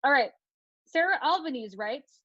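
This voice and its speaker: A woman's voice: high-pitched, lively intonation, moderate pace, fairly bright tone, no echo, lo-fi sound. A woman hosting a live-streamed comedy debate, upbeat and giggly, with lots of fillers. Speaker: host.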